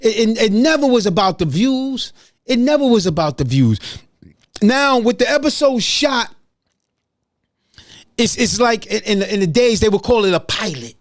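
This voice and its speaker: A man's voice: high-pitched, lively intonation, normal speed, pauses often, no echo. A middle-aged man hosting his own podcast alone, talking straight to listeners in a repetitive, emphatic way, recorded in a small studio. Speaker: podcast host. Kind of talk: solo podcast monologue.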